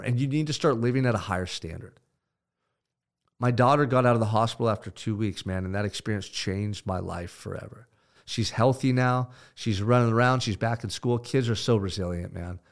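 A man hosting a podcast, giving an intense, emphatic motivational pep talk with blunt swearing. He swings between loud pushes and low, hushed stretches. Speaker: podcast host.

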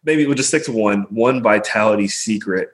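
A man hosting a casual podcast interview, easygoing and quick to laugh, with loose, rambling phrasing. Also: lowish voice, poor audio. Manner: easygoing, laughs often, many "like" fillers. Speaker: podcast host.

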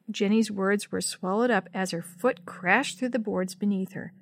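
A woman narrating a children's story in a steady, clear read-aloud style. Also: medium pitch, normal speed, few pauses, dry recording, clean studio sound.

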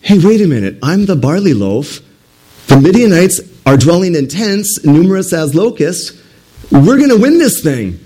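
A preacher voicing Gideon as a worried ancient general thinking aloud, in a casual modern way of talking. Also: male voice, fairly high pitch, normal speed, dark tone, lightly acted. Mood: excited. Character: frightened ancient Israelite general, adult man.

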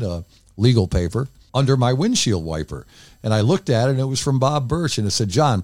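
A man's voice: lowish voice, darkish tone, no echo. An older man, a former radio DJ, tells candid stories in a casual interview and rambles into many asides.

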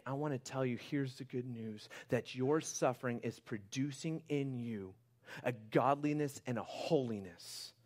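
A pastor preaching a sermon to his church, passionate, moving from quiet, intimate moments to loud, fervent exhortation. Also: medium pitch.

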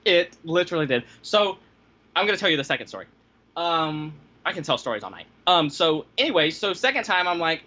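A man tells pet-sitting stories in a casual chat, acting out his own past reactions with animated energy. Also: fairly high pitch, brisk. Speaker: podcast guest telling pet-sitting stories. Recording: slightly dull lo-fi sound.

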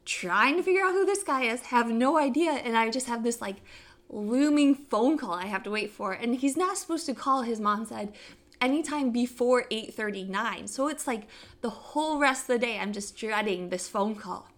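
A young woman who grew up in Africa, telling a story in casual chat and acting out quotes in a squealing voice. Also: moderate pace. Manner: animated, acts out quotes in a squealing high voice. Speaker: podcast co-host telling a story.

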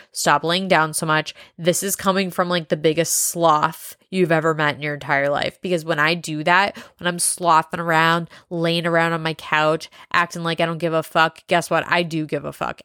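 A woman's voice: lowish voice, a bit bright, no echo, clean studio sound. Blunt, swearing woman podcaster. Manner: blunt, profane and rambling. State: high. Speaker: podcast host. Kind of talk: casual solo podcast monologue.

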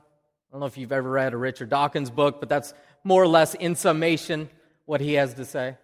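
A man's voice: mid-range voice, fairly even intonation, fairly quick, big-room sound. A man with an Oklahoma accent preaching a sermon in a conversational way, often repeating a word as he restarts a phrase. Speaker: pastor. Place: church.

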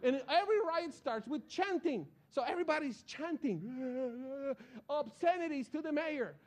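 A man preaching a sermon, telling a personal story in an animated, excitable way. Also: very high voice, a little slow. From Colombia.

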